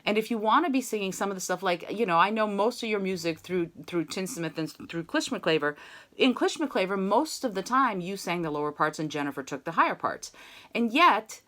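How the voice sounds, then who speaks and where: A woman's voice: medium pitch, lively intonation, fairly quick, fairly bright tone. A woman singing teacher with a mezzo voice, chatty and encouraging as she leads an online voice lesson and sings short demo phrases. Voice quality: mezzo-soprano voice.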